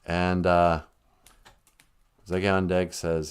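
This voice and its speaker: Male live-stream storyteller, casual and animated, very expressive pitch. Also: unhurried. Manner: animated and casual, humming and singing snatches.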